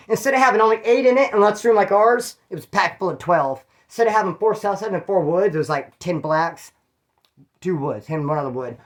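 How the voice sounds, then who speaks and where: A man from California telling stories in a casual, rambling way, full of street slang and swearing. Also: a little high. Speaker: channel host telling prison stories. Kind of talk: casual storytelling.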